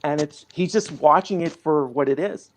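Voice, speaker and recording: A man's voice: fairly high pitch, normal speed, a little hiss or hum. A man who is a guest fan on a podcast, talking in a modest, mild-mannered way. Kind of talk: casual chat.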